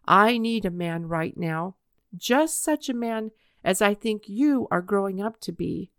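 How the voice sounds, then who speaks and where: A woman voicing a kind, patient grown man who is a doctor, speaking quietly and steadily. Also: mid-range voice, lively intonation, measured pace, no echo, studio quality. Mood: gentle.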